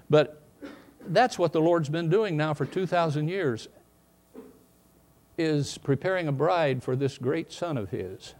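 A man preaching a sermon, swinging from quiet asides to emphatic, rising bursts. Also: on the high side, unhurried, long pauses. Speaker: pastor.

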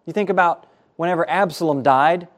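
A man's voice: on the high side, brisk. A man preaching a sermon as pastor, earnest, his voice rising and falling for emphasis, at times repeating words.

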